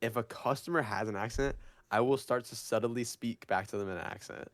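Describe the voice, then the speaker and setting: A man's voice: medium pitch, a little fast, no room sound, clean studio sound. A young adult man co-hosting a podcast, telling stories in a playful, giggly way. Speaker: podcast co-host. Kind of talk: casual podcast chat.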